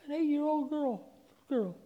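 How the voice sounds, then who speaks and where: A man preaching a sermon, telling a personal story, his voice swinging from hushed to loud. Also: very high voice, a little slow, long reverb tail, dull audio.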